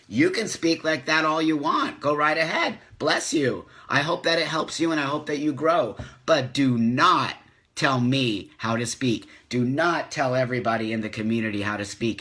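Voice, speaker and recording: A man's voice: mid-range voice, pushed and bright. A man in his fifties hosting a live stream, speaking with passion, preaching and repeating lines for emphasis, with some swearing. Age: 50s. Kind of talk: live-streamed motivational talk. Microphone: phone or webcam, live stream.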